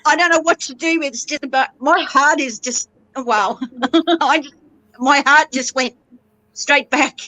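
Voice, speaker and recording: A woman's voice: high voice, measured pace, sharp tone, a little hiss or hum, rough recording. A middle-aged woman in casual chat, tearful and emotional, laughing through her tears and breaking off halfway through her sentences. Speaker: guest sharing family news.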